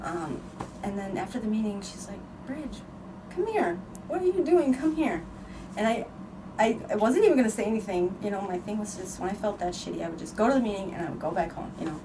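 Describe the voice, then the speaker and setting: A woman's voice: medium pitch, fast. A woman podcast host talking candidly and emotionally about her own experience, frank and earnest, with some swearing. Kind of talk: candid conversational storytelling. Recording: distant mic with noticeable background noise.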